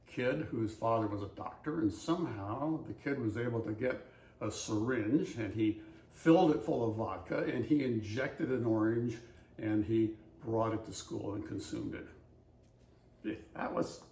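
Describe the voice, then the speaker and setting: A man's voice: medium pitch, creaky, a little mellow, reverberant, rough recording. An older man from Southern California who tells anecdotes in an easygoing, wry, anecdotal way and reads a passage aloud for a voice-over audition. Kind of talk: casual storytelling and read-aloud passage.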